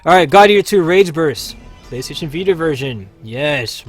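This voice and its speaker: A man's voice: fairly high pitch, expressive, normal speed, breathy edge, soft background music. Chatty man hosting a gaming stream. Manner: chatty, upbeat, talks to viewers while playing. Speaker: livestream host. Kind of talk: casual gaming livestream commentary.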